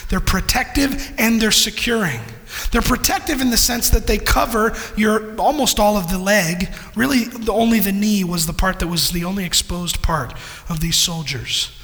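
A man preaching a sermon as pastor, building from steady teaching into fervent shouting. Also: high voice, moderate pace, long reverb tail.

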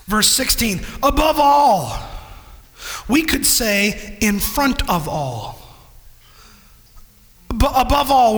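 A man preaching a sermon as pastor, building from steady teaching into fervent shouting. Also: high-pitched, big-room sound.

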